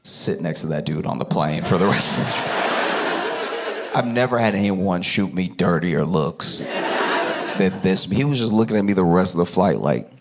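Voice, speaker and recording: A man's voice: sits low, moderate pace, very noisy. A stand-up comedian telling a story on stage, acting out voices and laughing as he talks. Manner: animated, acts out voices, laughs through lines.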